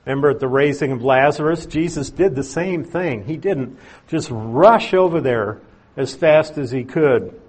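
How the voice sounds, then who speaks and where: Guy preaching a sermon, kinda husky voice, explaining verses in a chatty easygoing way. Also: fairly high pitch, moderate pace. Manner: explains verses plainly, conversational asides. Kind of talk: expository sermon.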